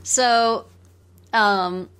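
A woman's voice: mid-range voice, fairly even intonation, extremely slow, a bit bright, a little hiss or hum. A woman casually co-hosting a podcast, animatedly retelling a cartoon plot and laughing easily. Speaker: podcast co-host. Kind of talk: casual film discussion.

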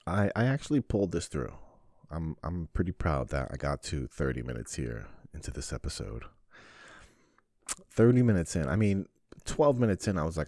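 Low-voiced profane podcast host. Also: male voice, very animated, normal speed, pauses often, a little mellow, no echo, clean studio sound. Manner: profane, rambling, sarcastic rants. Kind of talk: casual solo podcast monologue.

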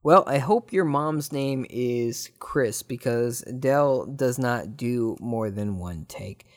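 Rambling, jokey podcast host. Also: male voice, mid-range voice, takes it slowly. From Southern California. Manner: rambling and jokey, with excited bursts. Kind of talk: casual chat, answering listener questions.

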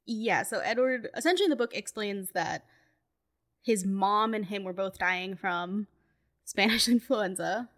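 A woman's voice: medium pitch, measured pace, fairly bright tone. A young woman co-hosting a podcast in casual chat, chatty, laughing often and full of fillers. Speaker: podcast co-host.

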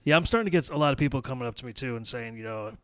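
A man's voice: medium pitch, rapid-fire, smooth, no echo. Easygoing contractor man chatting. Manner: easygoing, agreeable, chuckles often. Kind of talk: casual chat.

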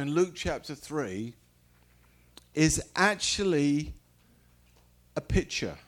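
A man preaching a sermon, reading scripture and explaining it slowly, with emphatic repetition. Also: fairly high pitch.

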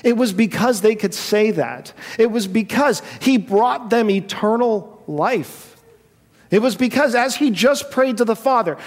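Speaking at a measured pace in a high voice, a man preaches to the congregation gathered in a church sanctuary. His delivery is impassioned and rises to emphatic peaks, captured with a long church-hall reverb.

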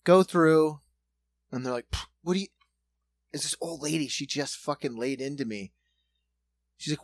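A man's voice: mid-range voice, normal speed, pauses often, no room sound. A man in his thirties telling comedic travel stories in casual, profane chat, acting out other people's lines. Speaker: podcast co-host.

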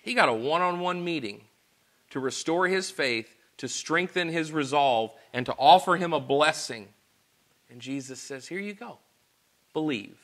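A man preaching a sermon, earnest, moving between quiet personal confession and loud, emphatic rhetorical questions. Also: a little high, unhurried.

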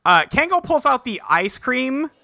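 A man's voice: extremely high pitch, very animated, unhurried, gravelly, pushed and bright, no echo. A man co-hosting a podcast, casually recapping an episode with rambling fillers and acted-out quotes. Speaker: podcast co-host.

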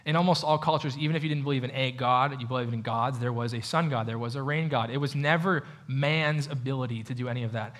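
A man's voice: mid-range voice, quick pace, few pauses, fairly bright tone. A man preaching a sermon in a church, talking conversationally and asking the audience questions. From United States. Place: church hall with a projector.

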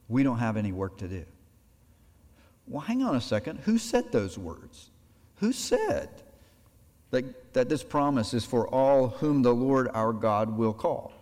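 A male pastor giving a sermon, animated, voicing imagined conversations to make his points. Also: medium pitch. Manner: animated preaching, acts out imagined dialogue. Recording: long hall reverb.

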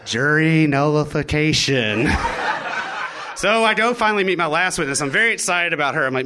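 A former prosecutor telling a comic story on stage, animated and acting out the people he quotes. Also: on the high side, normal speed, a little hiss or hum.

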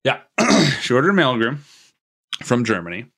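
Recapping a film on a podcast, this man rambles and cracks jokes, frequently starting over and putting on playful voices for the characters' lines. He speaks briskly in a mid-range, gravelly, fairly bright voice with big swings in pitch.

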